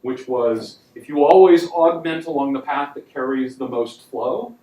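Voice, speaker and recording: Lecturing at a university, a man with a warm, mid-range voice speaks at a measured pace in a casual, wry style, with frequent ums and words he leans on. He is heard from afar in an echoey lecture hall.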